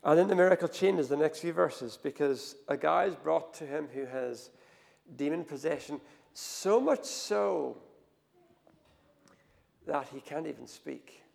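A man preaching a sermon, telling the story with animated swings between hushed and loud delivery. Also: a little high, unhurried, gravelly. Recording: long hall reverb.

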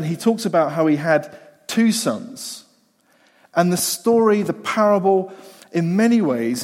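Male preacher, lively storyteller, slightly high voice, long hall echo. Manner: animated, acts out the voices of the people in the story. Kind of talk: sermon.

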